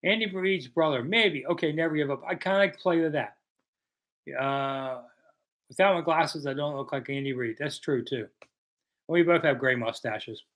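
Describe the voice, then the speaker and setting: A man's voice: fairly high pitch, normal speed, a bit bright. A man in his sixties from the American South, hosting a casual live chat, reading viewer questions and answering with self-deprecating humor. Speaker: host.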